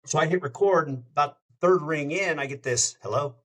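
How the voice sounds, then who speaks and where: A man who hosts a radio show, telling a story in a casual, lively way as a podcast guest. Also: fairly high pitch, moderate pace. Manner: lively anecdote-telling, acts out quoted dialogue.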